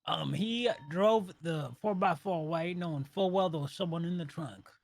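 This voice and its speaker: Brief: man playing a cop, high and gravelly voice, halting report, dry close sound. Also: no room sound. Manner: hesitant, full of "uh", matter-of-fact. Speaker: police officer roleplayer. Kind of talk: in-character police report.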